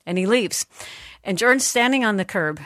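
A middle-aged woman hosts a faith talk show and tells a story with lots of energy and expression. Her voice sits at a medium pitch and sounds close and dry, with no room echo. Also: animated, normal speed, fairly bright tone. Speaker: host.

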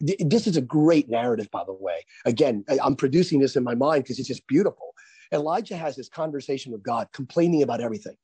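A man, a pastor and author, preaching as a guest on a radio talk show, with emphatic, drawn-out stressed phrases. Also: a little high, big pitch swings, warm tone, breathy edge, no room sound.

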